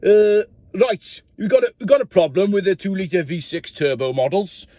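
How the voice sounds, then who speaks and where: A man's voice: high voice, expressive, normal speed, warm tone, no room sound, pitched above the performer's own voice. A man voicing a flustered, comic Italian car-company employee in a put-on Welsh accent, rambling in exasperation.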